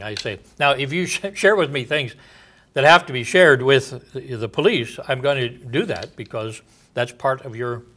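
A man's voice: mid-range voice, bright, forceful tone, slightly rough. A man preaching a sermon as a pastor, reading scripture aloud and asking emphatic rhetorical questions.

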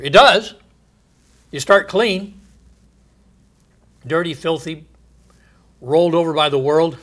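A man delivers a sermon, stretching key phrases as his volume climbs to emphatic heights, then sinking into a quiet, low voice as each thought ends. Brief chuckles fall between his points.

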